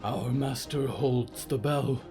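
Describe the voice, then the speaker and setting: Stitched creature, stiff and formal, fearful servant, voice set a touch higher and thinner, as the storyteller puts it on. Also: male voice, takes it slowly, mellow, faint music behind. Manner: stiff formal speech without contractions.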